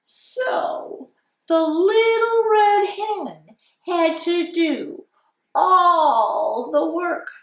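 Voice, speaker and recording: Woman, children's story time host; unhurried, sing-song, plays the animal noises; echoey room, mic set back. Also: very high voice. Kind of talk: children's songs and storybook reading. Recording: roomy sound from a distant mic.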